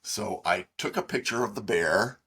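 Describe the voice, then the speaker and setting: A middle-aged man co-hosting a podcast, telling a long, halting story in casual chat with many fillers. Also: on the low side, sharp tone, breathy edge. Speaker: podcast co-host.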